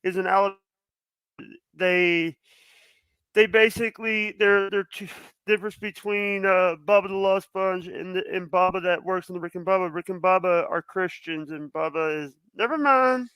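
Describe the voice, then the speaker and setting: A man's voice: sits high, steady tone, normal speed, fairly bright tone, clear, resonant tone, no room sound, low-quality recording. A man talking as a podcast guest, nervous and stuttering, with many restarts. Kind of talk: casual chat.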